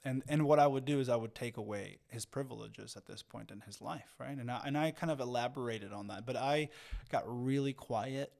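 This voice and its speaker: A middle-aged man co-hosting a podcast, telling a personal story reflectively and dropping into hushed, calm tones. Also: mid-range voice, a little fast, gravelly. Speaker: podcast co-host. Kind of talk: casual conversation.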